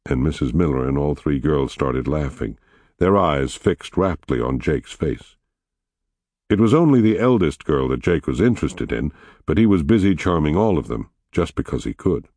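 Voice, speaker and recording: A man reading a novel aloud as an audiobook narrator, in a measured, even storytelling manner. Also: rumbling low, breathy edge, dry recording, studio quality. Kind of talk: scripted narration.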